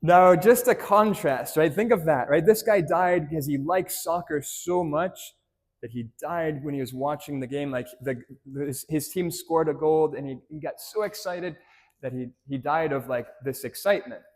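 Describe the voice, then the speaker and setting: Conversational priest, fairly high voice. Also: male voice, normal speed. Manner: conversational storytelling, frequent "right?" tag questions; addresses children directly with simple questions. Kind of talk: homily to a parish congregation.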